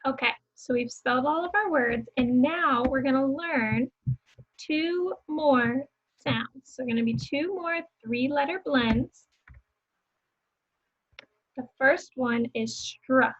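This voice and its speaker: Young female teacher, slightly high voice, slow phonics delivery, encouraging, muffled home recording. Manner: slow, clearly sounding out words and letters; encouraging, repeats words for students to echo. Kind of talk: phonics lesson for young children.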